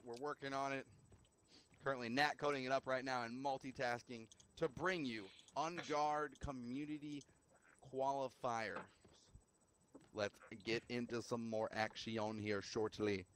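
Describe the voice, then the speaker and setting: A man's voice: medium pitch, steady tone, measured pace, a bit bright, a little hiss or hum. A man casting a live game stream, joking and bantering between calls. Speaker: esports caster.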